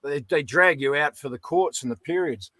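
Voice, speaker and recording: Blunt Australian man, slightly high voice. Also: moderate pace, a bit bright, no echo. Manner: blunt, folksy, peppered with "mate". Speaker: veteran guest. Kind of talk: casual interview.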